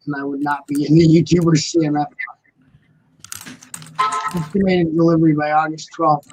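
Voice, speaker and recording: A man's voice: on the high side, a little mellow, low-quality recording. A man hosting a casual live-stream chat, joking and rambling in a mock-grumpy way.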